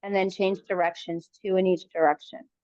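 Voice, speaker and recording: A woman coaching a kettlebell workout live, giving calm encouraging cues in short phrases. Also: fairly low pitch, fairly quick, no room sound, lo-fi sound. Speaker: fitness coach.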